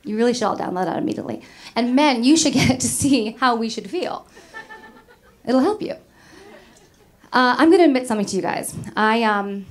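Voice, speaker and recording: A woman's voice: a little high, animated, fairly quick. A middle-aged woman from New York doing a stand-up comedy set, chatty and self-mocking, laughing at her own jokes. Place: comedy club stage with live audience.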